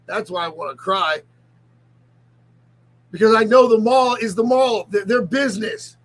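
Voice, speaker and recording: A middle-aged man talking in an emotional confessional vlog, close to tears, halting and often restarting his sentences. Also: high-pitched, a bit bright, low-quality recording. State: on the verge of tears. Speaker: ministry leader and vlogger.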